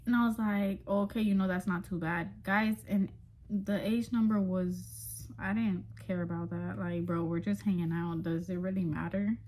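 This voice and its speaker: A young woman tells a story to her viewers in a loose, chatty vlog monologue. Her voice sits at a middle pitch for a woman. She swears freely and breaks into laughter between lines. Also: fairly even intonation, normal speed, a little mellow, slight background noise. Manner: addresses viewers directly as y'all. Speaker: vlogger.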